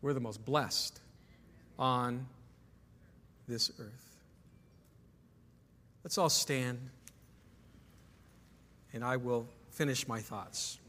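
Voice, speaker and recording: Bright-voiced male pastor preaching in a hall. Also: medium pitch, steady tone, very slow, pauses often. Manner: emphatic preaching with rhetorical questions to the congregation. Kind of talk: sermon. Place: church sanctuary.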